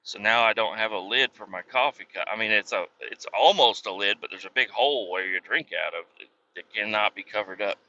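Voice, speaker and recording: Speaking a little fast with few pauses, a man in his thirties tells rambling, profane stories on his podcast, acting out others' words in a casual monologue. His voice is fairly low with a sharp tone. The dull lo-fi recording carries a little hiss or hum.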